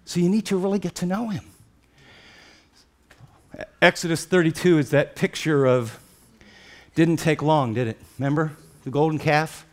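A man preaching a sermon, retelling scripture as vivid dramatic storytelling and swinging from hushed, slow passages to loud, excited ones. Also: on the high side.

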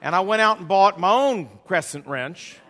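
High-voiced preacher in a hall. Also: male voice, lively intonation, moderate pace, pushed and bright. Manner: folksy storytelling, repetitive preaching cadence. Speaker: pastor. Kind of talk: sermon. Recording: long hall reverb.

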